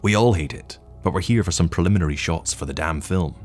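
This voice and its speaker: A man voicing a loud, boisterous, drunk film director with brash, slangy talk. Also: low-pitched, quick pace, soft background music, lightly acted. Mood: rowdy.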